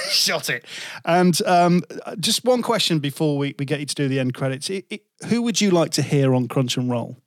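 A man's voice: a little high, expressive, no room sound, studio quality. A man hosting an interview podcast, affirming the guest and asking questions with frequent fillers. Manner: warm affirming, halting with fillers. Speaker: podcast host.

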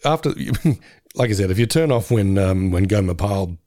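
A man's voice: sits low, expressive, moderate pace, dark tone, no echo, studio quality. A man co-hosting a podcast in casual chat, laughing often and fond of slipping into voices. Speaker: podcast co-host.

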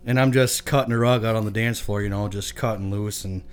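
A man's voice: lowish voice, steady tone, brisk, clear, resonant tone. A young adult man from Michigan casually telling a long, profane story, often laughing as he talks. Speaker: podcast guest.

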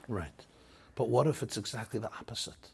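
A man's voice: mid-range voice, brisk, gravelly, slightly rough. A man who is a rabbi and lecturer, speaking earnestly in an impassioned storytelling manner and sprinkling in Hebrew and Yiddish terms.

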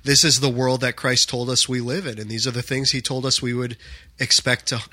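A man from the United States talks earnestly and casually, dotting his sentences with "you know." His voice is bright and forceful. The sound is dry and close, with no room echo. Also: mid-range voice, little pitch movement, fairly quick. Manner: earnest, uses many fillers like "you know". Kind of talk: casual chat about faith and books.

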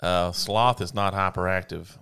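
Excitable guy podcasting, deep gravelly voice, rambly, super dry sound. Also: moderate pace, dry recording. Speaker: podcast co-host. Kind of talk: casual chat.

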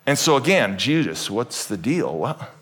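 A man preaching a sermon to a congregation, jokey and animated, swinging from loud emphatic bursts to soft asides. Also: medium pitch, a little slow. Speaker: pastor. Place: church hall with congregation.

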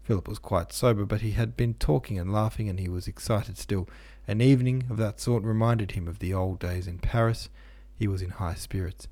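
Gravelly male audiobook narrator. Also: on the low side, a little fast, hardly any pauses, mellow, no room sound. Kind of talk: literary audiobook reading.

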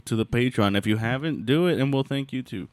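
A man's voice: medium pitch, a little fast, dry recording. A man co-hosting a casual podcast, telling laid-back, profane stories. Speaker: podcast co-host, comedian.

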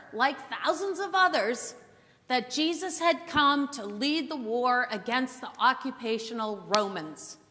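A woman's high, clear voice preaches unhurriedly, telling the story with dramatic pauses. Her bright tone rings out under a long hall reverb. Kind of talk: Bible teaching sermon.

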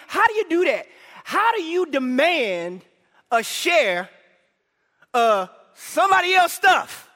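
High-voiced man preaching in an echoey hall. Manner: animated, shouting for emphasis, prompting the congregation. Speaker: pastor. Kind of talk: sermon with call and response.

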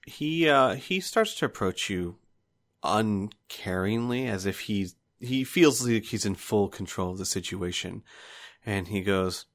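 A man narrating a tabletop game as game master, halting now and then with fillers. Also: lowish voice, lively intonation, fairly bright tone.

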